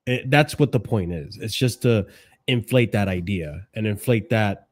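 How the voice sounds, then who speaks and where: A man streams from his desk, reacting to fan videos with mocking, profane commentary. His voice drops to a mutter, then jumps to loud outbursts that push his desk microphone into clipping. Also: on the low side, moderate pace. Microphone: desk microphone, clipping when loud.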